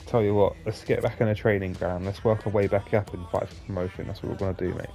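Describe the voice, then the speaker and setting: A man giving live, sweary commentary on his own football video game, jumping between excited shouts and flat grumbling. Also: fairly low pitch, normal speed, faint music behind. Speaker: gaming YouTuber.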